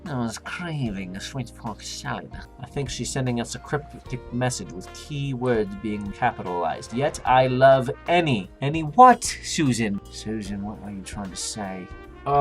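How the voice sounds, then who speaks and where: Sarcastic man mocking reviews. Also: medium pitch. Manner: sarcastic, mocking, swings into silly voices. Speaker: comedian reading reviews. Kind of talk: comedic review reading.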